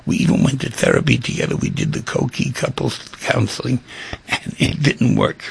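A wounded little female frog from a spoken fable, accusing her unfaithful mate in a gravelly, husky, deeply rough voice, as a man puts her on. She sounds reproachful and let down, and her words come low and quiet. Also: moderate pace, full character voice. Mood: hurt.

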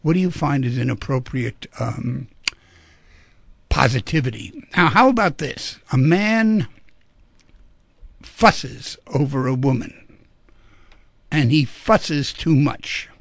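Male radio call-in host, playful storyteller; husky, dry studio sound. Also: mid-range voice, expressive, slow pace, long pauses, dry recording. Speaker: radio talk show host.

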